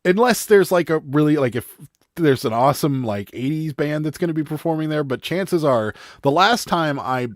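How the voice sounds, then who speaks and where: A man with a fairly high, expressive voice and a Western Pennsylvania accent hosts a live stream, joking and chatting casually as he reads viewer comments. He's rambling and wry, speaking at a normal speed in a clean studio recording with no room sound.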